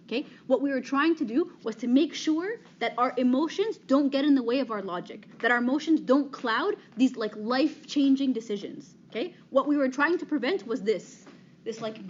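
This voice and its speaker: A woman in her thirties giving a talk to an audience, direct and conversational, checking in with "okay?" after nearly every point. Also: fairly high pitch. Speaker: speaker giving a talk on dating. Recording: slightly dull, faint background noise.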